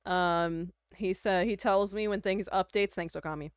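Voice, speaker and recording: A woman's voice: medium pitch, steady tone, moderate pace, smooth, no room sound, clean studio sound. A young woman from Canada chatting casually on a livestream, rambling with lots of fillers and little laughs. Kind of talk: casual chat.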